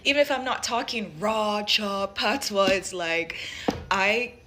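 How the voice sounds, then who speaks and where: A woman's voice: mid-range voice, expressive, a little slow, background noise. A young woman from Jamaica with a light Jamaican accent blended with American, musing thoughtfully with many fillers and restarts. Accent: light Jamaican mixed with American. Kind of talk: personal reflective monologue.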